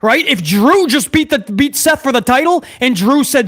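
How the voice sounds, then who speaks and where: High-voiced man ranting on a stream. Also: expressive, moderate pace, a bit bright. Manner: heated, profane ranting to chat. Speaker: host of a wrestling review show. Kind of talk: live watch-along reaction commentary.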